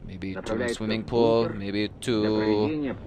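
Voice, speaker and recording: A man voicing a gruff Soviet rocket commander in a put-on Russian accent, slow and mock-serious. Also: on the low side, fairly even intonation, a loud crowd.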